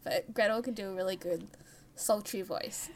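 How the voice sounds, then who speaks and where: A woman co-hosting a podcast in casual chat, with a high, girlish voice and a chatty, laughing manner. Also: moderate pace, darkish tone. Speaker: podcast co-host.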